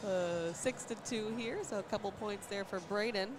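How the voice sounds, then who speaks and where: A woman's voice: mid-range voice, normal speed. An American woman doing casual, teasing play-by-play commentary at a cornhole tournament, laughing often. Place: tournament venue. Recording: noisy event venue.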